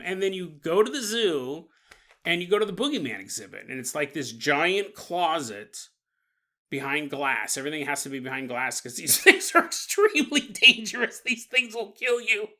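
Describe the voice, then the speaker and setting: A male podcast host talks through a comic, rambling monologue, often breaking into laughter. His voice is bright and lively, rising and falling widely as he slips into quick impressions. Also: fairly high pitch. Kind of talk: comedic riffing monologue.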